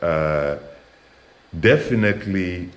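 A man's voice: deep voice, expressive, slow, reverberant. A man from Cameroon in a casual debate, earnest and searching for words with many hesitations. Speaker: activist in a discussion.

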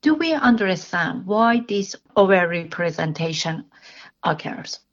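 A woman interviewing a guest on radio, asking measured, attentive questions. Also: fairly low pitch, sing-song, lo-fi sound.

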